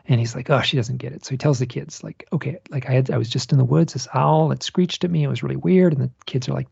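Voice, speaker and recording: Gravelly-voiced male guest, husky, dry and slightly dull remote audio, a rambling storyteller. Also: medium pitch, fast, few pauses, no echo. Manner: rambling, animated storyteller with many restarts. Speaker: guest author and researcher. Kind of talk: casual storytelling interview.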